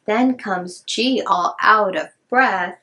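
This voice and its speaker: A woman reads picture books aloud for small children, leaning into the sing-song rhymes. She takes it slowly and lets each line land. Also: mid-range voice, sharp tone. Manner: sing-song rhyming reading. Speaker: children's storyteller.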